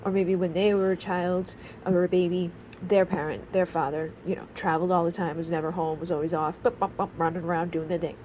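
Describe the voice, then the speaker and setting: A woman's voice: fairly low pitch, flat delivery, fairly quick, few pauses, a little mellow, low-quality recording. Woman tarot reader, casual and rambling, thirties, faint hiss behind. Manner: rambling, many fillers.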